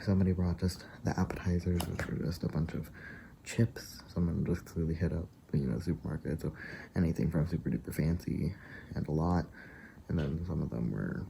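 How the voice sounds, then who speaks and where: A man's voice: low-pitched, fairly quick, creaky, mellow, slight background noise, rough recording. A man telling a story to camera in a casual, rambling way, with hesitations and asides. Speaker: vlogger.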